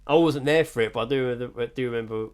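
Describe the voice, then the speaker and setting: Brisk male co-host, quick-fire casual anecdotes, swears freely. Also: mid-range voice. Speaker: podcast co-host. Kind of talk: casual chat.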